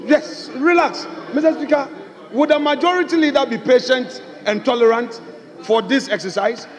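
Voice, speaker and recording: A man's voice: extremely high pitch, normal speed. A man, the minority leader, pressing a question insistently during a parliamentary debate. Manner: insistent, repeats his challenge. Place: large parliament chamber. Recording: long reverb of a large chamber.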